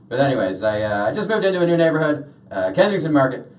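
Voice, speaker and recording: A young man doing a stand-up routine in a comedy club, deadpan, with lots of "uh" fillers. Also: medium pitch, fast talker. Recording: roomy club sound from a distance.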